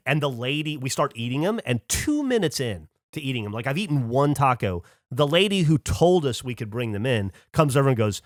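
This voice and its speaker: A man's voice: mid-range voice, very animated, brisk, few pauses, no room sound, studio quality. A man on a podcast casually telling a long anecdote, acting out the people he quotes in a raised voice. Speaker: podcast host. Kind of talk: casual storytelling chat.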